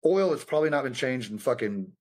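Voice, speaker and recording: A young adult man with a middle-pitched voice tells army stories with a loose, profane energy. He swears constantly and acts out the sergeants he quotes. His pitch climbs when he gets worked up. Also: quick pace. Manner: profane, animated storytelling with quoted dialogue. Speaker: guest, combat veteran. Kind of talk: casual storytelling conversation.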